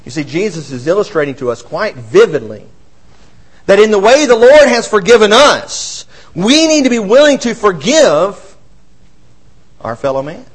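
Male preacher with a high voice, expressive sermon delivery that rises for emphasis and drops for quiet asides. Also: normal speed, rough recording. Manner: expressive, swings between raised emphasis and quiet low asides.

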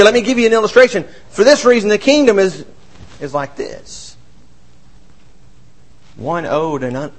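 A man preaching a sermon, reading scripture aloud and explaining it, swinging between raised emphasis and quiet asides. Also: high voice, poor audio.

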